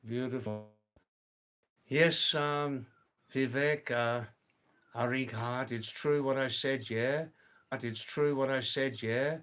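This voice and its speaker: A middle-aged man hosting a livestream, reading viewer comments aloud and slowly, gently correcting their English. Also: mid-range voice, steady tone. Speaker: livestream host.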